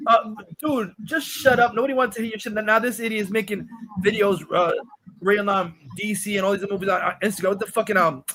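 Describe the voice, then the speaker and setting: High-voiced man scoffing along. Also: fairly even intonation, fast, pushed and bright, slight background noise. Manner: agreeing, scoffing, swearing, laughing along. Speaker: co-host. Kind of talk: casual profane chat.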